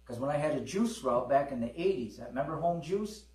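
A man's voice: mid-range voice, animated, brisk, darkish tone. A middle-aged man preaching and telling personal testimony stories, calling for amens from his congregation. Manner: folksy storytelling, call-and-response with the congregation. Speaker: pastor. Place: church hall. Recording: roomy hall, distant mic, mains hum.

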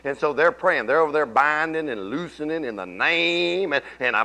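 A middle-aged pastor preaches with a bright, forceful edge to his slightly high voice. He tells homey stories in a conversational drawl, dropping to murmurs and then rising to ringing exclamations. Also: animated, fairly quick, hardly any pauses. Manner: folksy storytelling preacher, swings from low murmurs to loud exclamations. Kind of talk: sermon.

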